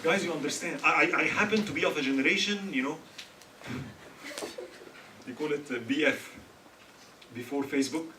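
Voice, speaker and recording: At a student religious gathering, a man from Egypt gives a humorous religious talk to a live audience, joking and quizzing listeners. His voice is a little high, moderately paced, with frequent pauses, recorded in an echoey hall with a distant mic and faint hiss.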